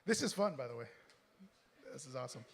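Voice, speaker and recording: A man reading his own story live on stage into a mic, with quick joking asides to the audience. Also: medium pitch, very animated, creaky, slightly rough. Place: stage in a performance venue. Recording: long reverb in a performance hall.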